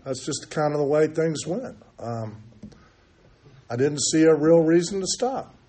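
A man's voice: a little high, animated, measured pace, mellow, slight background noise. An older man giving a candid, self-mocking recovery testimony, talking in a loose storytelling way with many fillers. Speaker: recovery meeting speaker.

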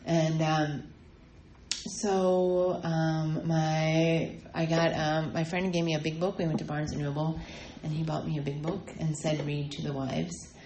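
A woman telling her personal recovery story at a meeting, halting and full of ums and restarts. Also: low-pitched, flat delivery, a little mellow, roomy sound, a little hiss or hum, low-quality recording. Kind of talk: personal testimony talk.

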